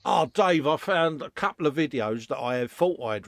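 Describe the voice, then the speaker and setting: A man's voice: a little high, lively intonation, moderate pace, fairly bright tone. An English man hosting a casual live chat from his workshop, laughing often and calling everyone "mate". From England. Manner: chatty, laughs often, says "mate" a lot. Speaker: host.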